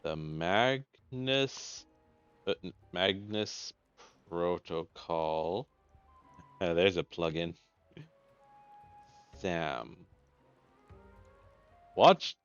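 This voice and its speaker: A man's voice: low voice, no room sound, muffled recording. A man hosting a game let's play, talking casually in a rambling, stumbling, self-questioning way.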